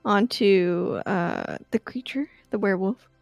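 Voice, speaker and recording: A woman playing in a tabletop game, speaking softly and hesitantly. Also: mid-range voice, a little slow, vocal fry, dry recording, muffled recording, faint music behind. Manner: soft, hesitant. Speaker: player.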